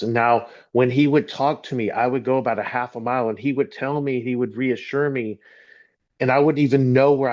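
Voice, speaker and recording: A middle-aged man from Texas tells his personal testimony in an earnest, halting way, sometimes repeating a word while he finds the next thought. His voice sits at a mid-range pitch. The recording is dull and lo-fi. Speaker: guest speaker.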